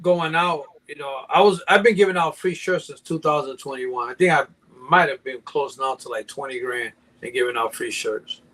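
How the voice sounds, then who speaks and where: A man's voice: medium pitch, normal speed, sharp tone, poor audio. Laid back guy from puerto rico, laughs a lot, talking on a live stream call. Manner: easygoing, laughs often, loose grammar. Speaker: guest snake breeder. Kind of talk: casual live-stream chat.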